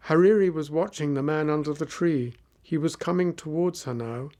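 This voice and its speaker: Clear, steady male story narrator. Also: fairly high pitch, moderate pace, few pauses. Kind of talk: graded-reader story narration.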